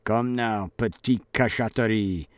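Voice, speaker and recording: A man's voice: on the low side, fairly even intonation, unhurried, dry recording, close to an everyday voice. A man voicing a menacing German sergeant major who questions in a cold, insistent way.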